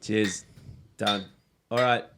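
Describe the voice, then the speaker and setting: A man's voice: lowish voice, steady tone, slow pace. An Australian man hosting a podcast in a jokey, upbeat way. A faint noise sits under his voice. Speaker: podcast host. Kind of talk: casual chat.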